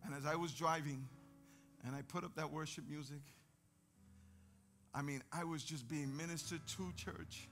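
A male pastor preaches and tells a story in an animated way, acting out the voices of the people in it. His voice sits high and sounds bright and forceful. Soft instrumental music plays faintly behind him. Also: moderate pace, long pauses. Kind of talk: sermon with storytelling. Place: church.

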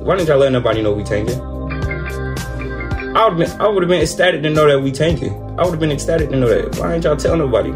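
A young man reacts to a football game in loose slang, his voice sitting a little high. He vents in exasperated, repeated lines while clear music plays behind him. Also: lively intonation, fast talker. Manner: exasperated, repetitive, slangy rants. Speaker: sports reaction host.

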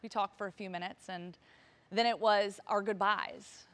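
A woman's voice: mid-range voice, fairly even intonation, moderate pace, fairly bright tone. A woman in her thirties, a motivational speaker, telling a personal story on stage with vivid, emotional delivery and acted-out dialogue. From Virginia, US.

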